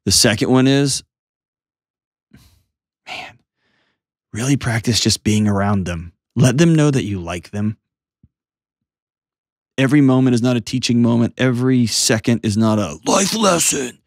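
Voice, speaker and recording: A man's voice: mid-range voice, a little slow, pauses often, no echo, clean studio sound. A man hosting a call-in advice show, coaching a caller in a direct, earnest way. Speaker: host giving advice.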